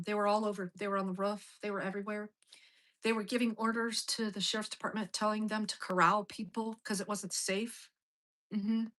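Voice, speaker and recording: A woman's voice: medium pitch, a bit bright, rough recording. A middle-aged woman telling a story in a casual monologue, blunt and profane. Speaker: host.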